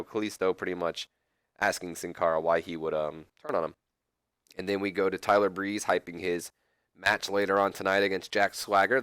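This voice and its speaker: A man hosts a let's play, talking his viewers through the game in a loose, rambling way, correcting himself and joking as he goes. His voice sits on the low side, and the recording is dry and close, with no room sound. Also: a bit bright, clean tone, no room sound. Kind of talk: casual gameplay commentary.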